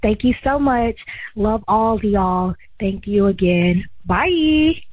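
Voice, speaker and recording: Young female caller, husky, nervous and rambling, dull muffled line. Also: mid-range voice, takes it slowly. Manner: friendly, slightly nervous, rambling. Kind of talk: recorded voicemail question. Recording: muffled, dry phone-quality audio.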